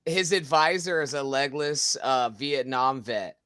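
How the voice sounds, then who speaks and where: A man's voice: mid-range voice, unhurried, sharp tone, smooth, no room sound. A man in casual podcast banter, joking, crude and stumbling over his words.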